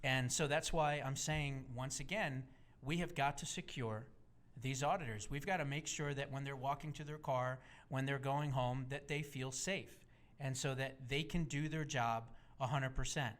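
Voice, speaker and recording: A man's voice: mid-range voice, steady tone, normal speed, fairly bright tone. A man speaking as a guest on a talk radio show, emphatic and insistent, with many filler uhs.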